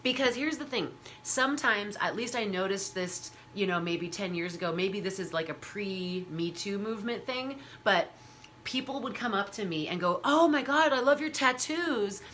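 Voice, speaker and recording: A woman's voice: moderate pace, a little hiss or hum. A woman hosting a casual chat, talking animatedly and acting out the people she quotes. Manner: animated, acts out quoted people in high voices. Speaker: host.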